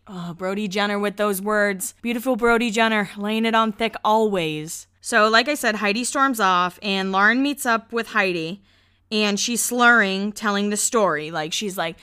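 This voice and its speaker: Bright, smooth-voiced chatty woman. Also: mid-range voice, normal speed. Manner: chatty, laughs often, acts out quotes. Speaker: podcast host. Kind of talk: casual chat recapping a reality show.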